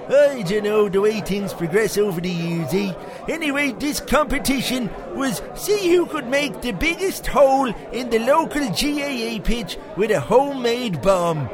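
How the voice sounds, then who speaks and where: A man voicing a crude, boastful Irish pub regular who rambles through foul-mouthed stories, with an Irish accent. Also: extremely high pitch. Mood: rambling. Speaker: segment presenter. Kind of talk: comic monologue character.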